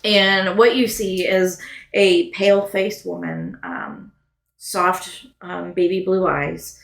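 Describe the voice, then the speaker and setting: Slow-talking woman game master. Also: lowish voice, lively intonation, gravelly, roomy sound. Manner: rambling, full of fillers. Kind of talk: narrating a tabletop game.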